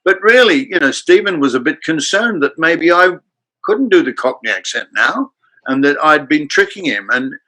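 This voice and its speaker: An older man from Australia, a guest actor telling anecdotes in an animated way and acting out the voices in his stories. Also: a little high, normal speed, low-quality recording. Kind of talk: anecdotal storytelling in a chat.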